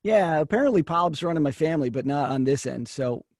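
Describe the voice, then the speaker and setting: A man with a raspy voice in casual podcast chat, tossing in dry jokes. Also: fairly high pitch, lively intonation, quick pace, a little mellow, no echo.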